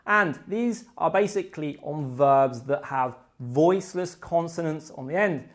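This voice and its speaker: An English teacher giving a pronunciation lesson, slowing down to demonstrate each word ending clearly. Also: medium pitch, expressive.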